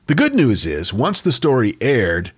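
Man with a lively, swooping voice. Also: medium pitch, measured pace, husky. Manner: storytelling, presenting odd facts. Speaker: podcast co-host. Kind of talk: casual chat.

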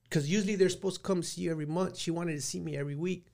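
A man's voice: sits high, fairly even intonation, rapid-fire, gravelly, hardly any pauses, darkish tone. A middle-aged man recounting his life in a casual interview, plain-spoken and rambling, with many restarts. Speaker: guest recounting prison life.

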